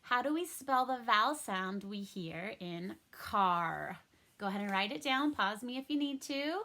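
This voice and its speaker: Bright, slow-talking cheerful woman teacher. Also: medium pitch, animated. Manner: cheerful, slow and clearly enunciated, sings and plays at pirate sounds. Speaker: first-grade teacher. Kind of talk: recorded remote phonics lesson.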